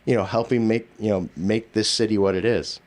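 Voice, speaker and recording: Board president guy, lowish voice, lotta 'you know's, stop-start speech. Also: steady tone. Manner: halting, many fillers and restarts. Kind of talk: speech at a public event.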